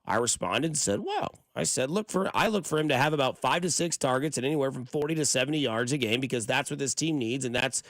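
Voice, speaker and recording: A man's voice: medium pitch, fast talker, few pauses, fairly bright tone, dry recording. Dry-miked male sports radio host. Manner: reads listener texts aloud, rambling with fillers. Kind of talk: casual sports talk. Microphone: studio microphone.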